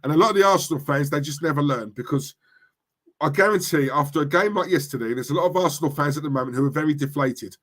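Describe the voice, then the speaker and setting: A man who hosts a football fan channel, ranting on a livestream and reading chat comments, forceful and impassioned, often checking in with "right?". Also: fairly high pitch, quick pace. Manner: impassioned, repeats "right?" to the audience.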